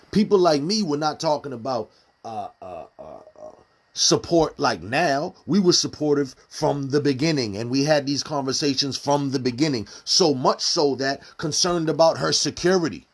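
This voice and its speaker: A man's voice: medium pitch, sing-song, unhurried, husky. A man giving casual live-stream commentary, firing off rhetorical questions in street slang. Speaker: community commentator.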